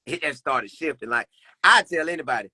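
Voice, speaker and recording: A man's voice: a little high, expressive, brisk, bright, forceful tone, husky, no echo. A young man talking earnestly about faith as a podcast guest, repeating phrases in a preacherly way. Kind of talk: casual faith conversation.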